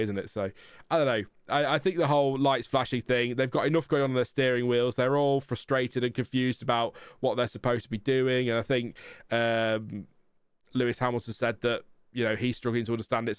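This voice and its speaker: A man's voice: mid-range voice, smooth, dry recording, clean studio sound. A man hosting a live watchalong, chatting casually and laughing often. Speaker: livestream host.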